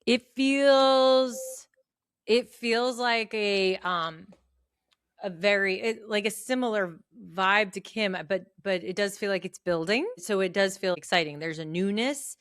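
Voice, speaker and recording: A woman chatting casually with friends, reflective and halting, acting out quotes in a raised voice. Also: medium pitch, clear, resonant tone, dry recording, studio quality. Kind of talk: casual chat among friends.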